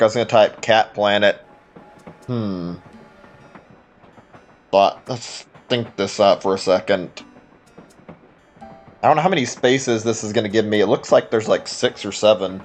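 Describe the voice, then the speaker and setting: A man's voice: lowish voice, a little slow, long pauses, faint music behind. A man streaming a video game, rambling and muttering to himself in casual commentary. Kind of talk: casual let's-play commentary.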